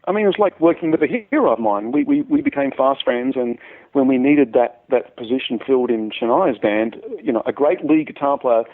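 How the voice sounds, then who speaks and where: An Australian man spins lively stories from his career. He stumbles over and repeats words as the tales tumble out. His voice comes through a thin, phone-like line at a middle pitch. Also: a little fast. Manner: animated storyteller who repeats words as he goes. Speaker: musician guest. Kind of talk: casual anecdote telling.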